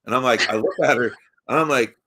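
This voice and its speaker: A man's voice: mid-range voice, quick pace, sharp tone. A man from Baltimore telling a long, rambling story on a podcast, swearing, laughing and restarting sentences often. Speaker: podcast host. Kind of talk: casual storytelling chat.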